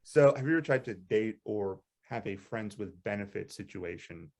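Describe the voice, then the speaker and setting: A man's voice: fairly low pitch, expressive, normal speed, darkish tone. Rambling, teasing man co-hosting. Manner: rambling, teasing, swears freely. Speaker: podcast co-host. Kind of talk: casual chat.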